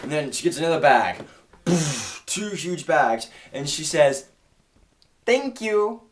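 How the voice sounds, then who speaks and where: A man in his room tells a funny story casually, chatty and restarting his sentences while acting out the other voices. His voice is a little high at normal speed, with slight background noise.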